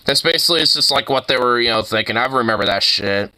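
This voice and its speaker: A young man reacting to clips on his stream, loose and profane, often breaking into laughter. His voice is bright and forward at a middling pitch. He rambles in a casual, offhand way. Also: a little fast, no room sound.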